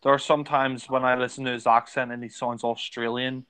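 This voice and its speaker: A man's voice: medium pitch, flat delivery, brisk, fairly bright tone, clear, resonant tone, poor audio. A man giving casual, rambling commentary on a film, with lots of fillers.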